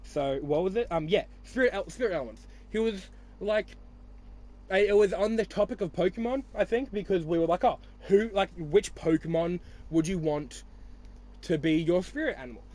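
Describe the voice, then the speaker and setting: A man's voice: high-pitched, normal speed, dark tone. A young Australian man hosting a podcast, chatting casually with friends in a rambling, teasing way full of swearing. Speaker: podcast host. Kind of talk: casual chat.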